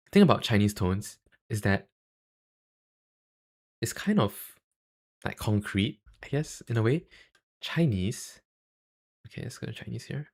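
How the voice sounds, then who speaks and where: Male streamer, lowish voice, unhurried, hesitant casual chatter. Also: creaky. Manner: halting, filler-heavy, self-deprecating. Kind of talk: casual livestream chat.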